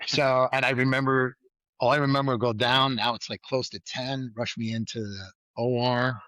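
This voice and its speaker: Bright-voiced man telling a story. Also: medium pitch, normal speed, no echo. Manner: animated storyteller who laughs often and acts out quoted lines. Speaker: guest, former state trooper. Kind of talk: casual interview storytelling.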